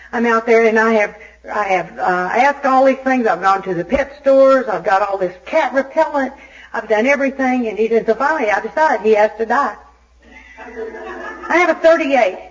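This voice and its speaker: A woman from Arkansas, speaking at normal speed in a slightly high voice, tells her story as an Al-Anon speaker at a recovery meeting. Her delivery is animated and self-mocking, captured on a dull, lo-fi tape recording.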